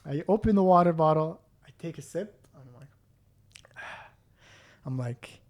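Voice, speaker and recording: A man co-hosting a podcast, telling a story in a casual, animated way with lots of "dude" and "like". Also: fairly high pitch, measured pace. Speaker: podcast host.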